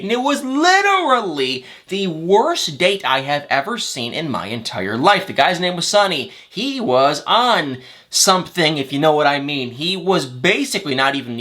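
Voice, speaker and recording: A man's voice: on the high side, pushed and bright. A man hosting a celebrity gossip vlog, rambling chattily, correcting his own slips and poking fun at himself. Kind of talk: casual chat.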